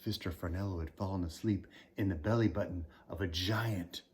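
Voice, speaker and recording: A man, a children's author, reading a picture book aloud with animated storytelling, swinging pitch and loudness and dropping to a whisper. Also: brisk, slightly rough.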